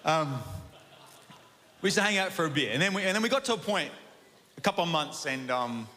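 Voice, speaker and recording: A man with an Australian accent preaching a sermon, telling a personal story in a chatty, animated way that keeps asking "right?". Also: a little high, a little fast. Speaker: pastor. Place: church auditorium. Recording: long hall reverb.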